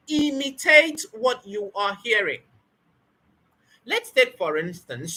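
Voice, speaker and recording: Lively, breathy woman coaching spoken English. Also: medium pitch. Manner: emphatic, repetitive, asks rhetorical questions. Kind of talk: motivational teaching talk.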